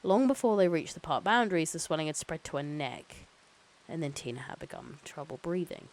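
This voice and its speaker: A woman streamer reads a novel aloud to her chat, her voice a little lower than most. She narrates steadily and drops into casual, sometimes sweary asides. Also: animated, a little fast, a little hiss or hum, rough recording.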